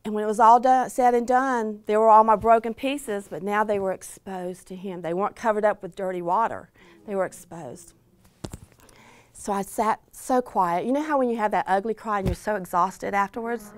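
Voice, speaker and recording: A woman's voice: medium pitch, normal speed, no echo. A woman speaker at a Christian conference sharing an emotional personal testimony, earnest and tender, sometimes sinking to near-whispers.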